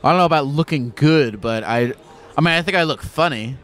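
A man with a slightly high voice runs casual street interviews. He rambles loosely and swears freely between questions. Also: fairly quick, a bit bright. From United States. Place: city street outdoors.

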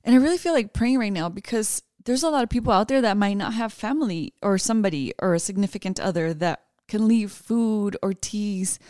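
A woman's voice: mid-range voice, brisk, hardly any pauses, darkish tone, no room sound. A woman in her thirties talks tenderly and affectionately as co-host. She moves easily between English and Spanish in a heartfelt chat. Her voice sounds dry and close to the mic. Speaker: co-host, wife.

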